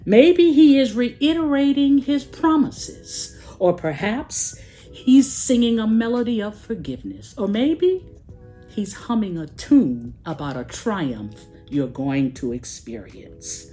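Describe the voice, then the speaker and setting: A woman preaching a sermon, slow and emphatic, with dramatic pauses and a sing-song rise and fall. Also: fairly high pitch, sing-song, dark tone, soft background music.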